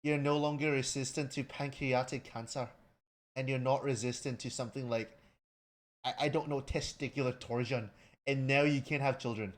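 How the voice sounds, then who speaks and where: A man ranting casually on a livestream, rambling and swearing, stumbling over restarts and jumping into loud, excited bursts. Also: moderate pace. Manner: jumps to loud, high excited bursts with laughter. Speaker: streamer.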